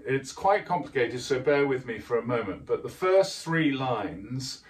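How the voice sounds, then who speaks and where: A man teaching how to write poetry, explaining things in a measured way and stressing words with care. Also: mid-range voice, recorded from a distance. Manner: measured, deliberate delivery with careful emphasis. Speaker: writing teacher.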